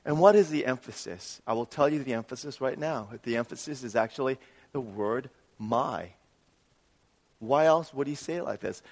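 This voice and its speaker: A man preaching a sermon as pastor, swinging between loud emphatic stretches and soft hushed ones. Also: medium pitch, normal speed, long reverb tail.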